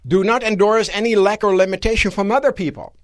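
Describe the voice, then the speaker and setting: A man giving a live motivational seminar lecture to an audience in a room, animated and asking rhetorical questions. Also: sits high, quick pace, dry recording, studio quality. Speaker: seminar speaker.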